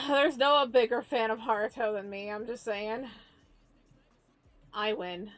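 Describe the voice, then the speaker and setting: A woman's voice: on the high side, fairly even intonation, a little slow, fairly bright tone, faint music behind. A young adult woman streaming as she draws, chatting casually in a gushing, playful, slangy way. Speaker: streamer drawing live. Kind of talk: casual live-stream chat.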